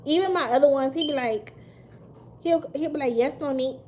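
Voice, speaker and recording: High-voiced animated woman. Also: moderate pace, a little hiss or hum. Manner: animated, emphatic, laughs often, repeats for emphasis. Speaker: mukbang livestream host. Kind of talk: casual live-stream chat with viewers.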